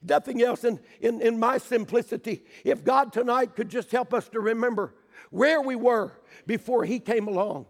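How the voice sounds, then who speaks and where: An older man preaching a sermon in a church, fervent, swinging between shouted pleas and hushed storytelling. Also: extremely high pitch, normal speed, long reverb tail.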